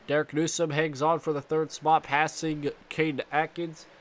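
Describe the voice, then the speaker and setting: A stuffy, slightly high-pitched young man commentates a sim race, stringing calls together with fillers and restarts. Faint racing engine noise hums beneath his voice. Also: moderate pace. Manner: rambling with fillers and restarts, excited bursts at contact. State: stuffy, congested.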